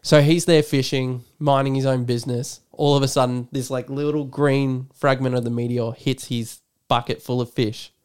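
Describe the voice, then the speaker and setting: A man co-hosting a casual film podcast, retelling scenes with animated energy and frequent laughter. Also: mid-range voice, normal speed, hardly any pauses, smooth. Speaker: podcast co-host. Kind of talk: casual film review chat.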